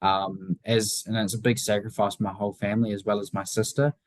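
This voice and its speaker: Teenage New Zealand lad, dry and close. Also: male voice, on the low side, level tone, fairly quick, dry recording, low-quality recording. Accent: New Zealand, Southland. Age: teens. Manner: rambling, many fillers and restarts. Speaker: guest, young motorcycle racer. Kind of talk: casual interview chat.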